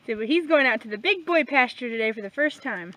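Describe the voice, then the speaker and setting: Woman homesteader, animated sing-song cooing and calling to her goats outdoors, faint noise behind. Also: on the high side, quick pace. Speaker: homestead vlogger. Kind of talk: casual farm vlog chat. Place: outdoor pasture.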